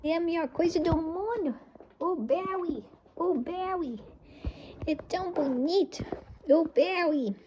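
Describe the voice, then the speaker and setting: A woman talking to her pet at home in high sing-song baby talk, cooing and repeating words. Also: measured pace, dark tone, highs cut off, slight background noise.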